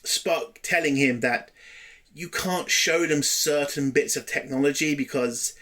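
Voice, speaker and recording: A man's voice: fairly high pitch, measured pace, fairly bright tone. A man giving a casual spoken review of a TV episode, blunt and exasperated, swearing freely.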